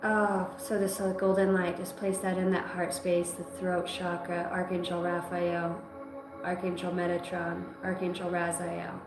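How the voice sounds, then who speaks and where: A woman giving a live psychic reading, talking emotionally in halting phrases that break off mid-sentence. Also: fairly low pitch, completely flat delivery. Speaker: psychic reader. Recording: roomy sound with music behind.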